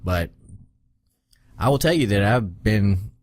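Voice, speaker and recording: A man talking in a casual gaming podcast with a lowish voice. He swears freely and acts out his own reactions. The sound is close and dry. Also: animated, slow pace, dry recording. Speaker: podcast co-host.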